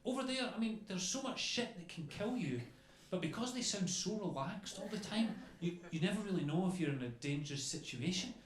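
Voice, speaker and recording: A young man doing stand-up comedy, telling stories in a chatty, animated way and swearing freely. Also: sits high, a little fast, few pauses. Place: comedy club stage before a crowd. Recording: echoey club with crowd laughter.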